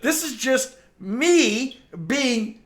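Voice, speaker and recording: A man's voice: very high-pitched, animated, extremely slow. An older man casually telling stories about his old workplace pranks and laughing often as he goes. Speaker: storyteller host. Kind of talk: casual storytelling.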